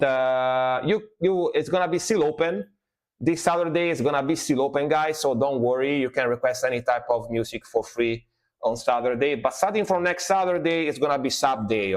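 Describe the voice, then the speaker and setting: A man from Italy with an Italian accent, a music reaction streamer chatting casually on a livestream, explaining at length with many fillers. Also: on the high side.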